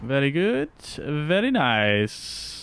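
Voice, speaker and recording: A man's voice: fairly high pitch, huge pitch swings, very slow, gravelly, over music. A man streaming a flight simulator, chatting casually with his viewers as he flies. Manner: chatty, talks to chat while flying. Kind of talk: casual live-stream commentary.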